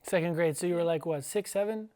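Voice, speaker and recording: A man's voice: fairly high pitch, mellow. A man who teaches and hosts a casual school podcast, talking in a playful, chatty way. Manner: playful, chatty, sounds out words slowly. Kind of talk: casual interview.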